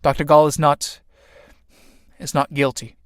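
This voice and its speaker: A man's voice: on the high side, little pitch movement, unhurried, dry recording, studio quality, close to an everyday voice. Helena, a man reading an earnest young woman. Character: young woman pleading with her husband.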